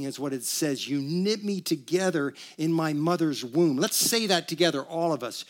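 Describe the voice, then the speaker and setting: Pastor preaching with playful humor. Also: male voice, fairly high pitch, expressive, normal speed, few pauses. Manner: conversational preaching with humor and call-and-response. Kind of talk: sermon. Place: church sanctuary.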